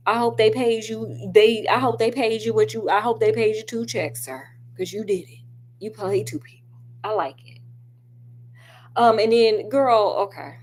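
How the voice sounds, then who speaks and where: A woman's voice: a little high, unhurried, a little mellow, a little hiss or hum. A woman chatting casually about a film with lots of asides, talking straight to her viewers while she does crafts at home. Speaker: film reviewer.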